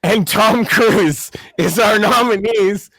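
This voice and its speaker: A man with a slightly high voice reads out mock award nominees in a deadpan, casual tone, often with filler sounds. The sound is dry and close, with no room echo. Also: slow. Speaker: podcast co-host. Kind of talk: reading out a mock award show.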